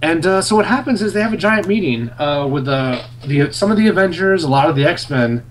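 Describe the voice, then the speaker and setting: Animated young man recapping a comic. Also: a little high, brisk, a little hiss or hum. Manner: animated storyteller, many fillers, laughs often. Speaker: podcast co-host reviewing a comic. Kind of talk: casual chat.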